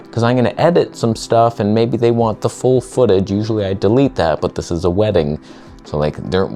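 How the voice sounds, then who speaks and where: A man narrating his own video footage in a casual, sarcastic, self-mocking way with quick asides. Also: medium pitch, warm tone. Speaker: photographer vlogger.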